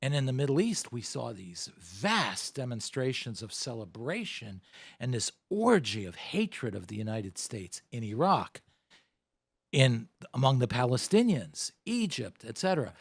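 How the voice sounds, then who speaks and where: Measured man explaining, dry sound. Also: medium pitch, vocal fry, dry recording. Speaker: guest, former government advisor. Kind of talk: interview answers.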